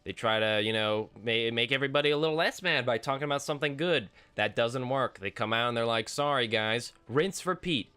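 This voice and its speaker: A man's voice: on the high side, sharp tone. A teenage boy ranting as a gaming YouTuber, exasperated and sarcastic, rambling with restarts. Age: teens. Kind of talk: ranting vlog commentary.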